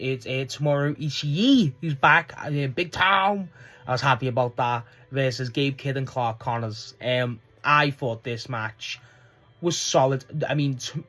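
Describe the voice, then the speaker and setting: A man's voice: mid-range voice, moderate pace, fairly bright tone. A man giving a casual spoken review of a wrestling show, rambling with lots of fillers and swearing. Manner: rambling, profane, frequent restarts and fillers.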